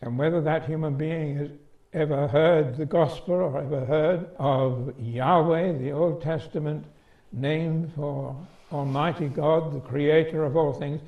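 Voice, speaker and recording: A man delivering a sermon in a measured, deliberate way, telling a story to make his point. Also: on the high side, fairly even intonation. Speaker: preacher. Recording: dull lo-fi sermon recording.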